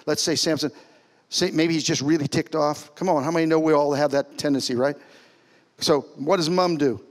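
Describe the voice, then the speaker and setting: A man preaching as a pastor in a church, animated, swinging between loud calls and soft, hushed lines. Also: on the high side, measured pace, pauses often. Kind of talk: sermon. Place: church sanctuary.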